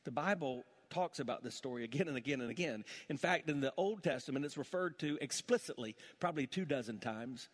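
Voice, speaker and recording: A man's voice: medium pitch, lively intonation, brisk, few pauses. A middle-aged man preaching a sermon, telling a family story and building to impassioned preaching. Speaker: pastor. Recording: long church hall reverb.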